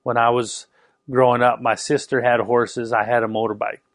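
A man's voice: medium pitch, normal speed, no room sound, studio quality. Canadian-raised man preaching with stories. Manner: storytelling, animated retelling, conversational asides. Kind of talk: sermon with personal story.

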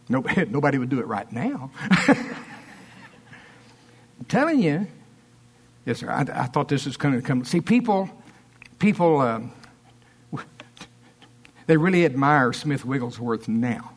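A man's voice: medium pitch, big pitch swings, a little slow, long pauses, husky. A man preaching a sermon, telling stories with animation and acting out the people he quotes.

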